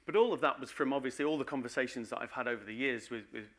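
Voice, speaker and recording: A man's voice: mid-range voice, rapid-fire, a bit bright. A man giving a conference talk in a chatty, joking way, often restarting his sentences. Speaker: conference speaker. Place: conference hall.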